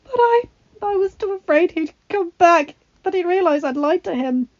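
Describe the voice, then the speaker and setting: Lady reading as a scared teary young woman, high and stammery, loud, muffled lo-fi sound. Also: expressive, normal speed, no echo. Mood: tearful. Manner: shaky, stammering, on the verge of tears. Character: young woman, frightened and tearful heroine. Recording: dull lo-fi recording.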